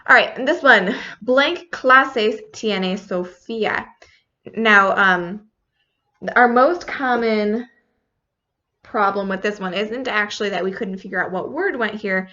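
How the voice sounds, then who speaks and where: A woman's voice: medium pitch, unhurried, bright, forceful tone. Patient woman teaching. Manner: casual, patient, spells words out letter by letter. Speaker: Spanish teacher. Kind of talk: recorded classroom feedback lesson. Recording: slightly dull lo-fi recording.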